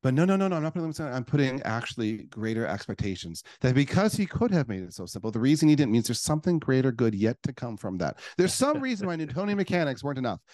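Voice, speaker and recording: A man's voice: mid-range voice, big pitch swings, fast talker, few pauses, darkish tone, no room sound, studio quality. A man, a guest who works as a life coach, talking in a casual podcast conversation with an enthusiastic, argumentative manner.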